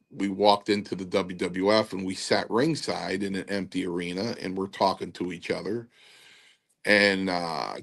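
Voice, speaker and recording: Low-voiced man telling a story. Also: creaky. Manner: animated, acts out quotes in the story. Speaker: guest, former wrestler. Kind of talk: casual storytelling.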